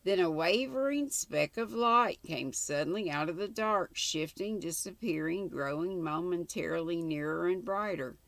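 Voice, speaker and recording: An older woman reading a ghost story aloud in a measured way, with occasional small slips. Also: on the low side, gravelly, dry recording. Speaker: channel host, story reader.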